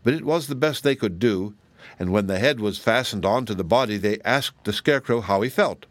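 A man reading a children's storybook aloud as a calm, measured audiobook narrator. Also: on the low side, no echo. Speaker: audiobook reader.

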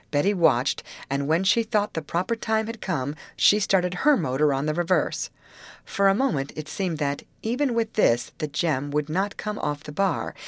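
Low-voiced woman reading a novel aloud. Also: dry recording. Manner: reads steadily, lifting pitch and volume for quoted speech. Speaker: audiobook reader. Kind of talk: scripted narration of a novel.

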